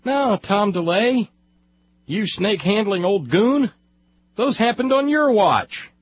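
A man's voice: sits high, expressive, takes it slowly, husky, no echo, dull audio. A male radio talk host giving angry, sarcastic political commentary, rambling with restarts.

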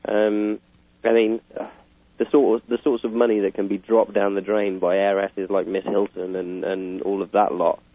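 A man's voice: lowish voice, level tone, moderate pace. A British man in casual political chat, rambling with fillers and chuckling. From Britain. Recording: tinny phone-like line.

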